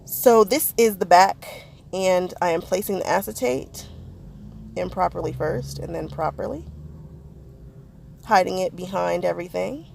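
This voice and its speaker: Woman, crafting vlog voice-over, gravelly fry, self-deprecating, faint room hiss. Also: lowish voice, darkish tone. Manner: chatty, self-deprecating, talks to viewers. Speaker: crafting vlogger. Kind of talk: casual voice-over narration of a craft project.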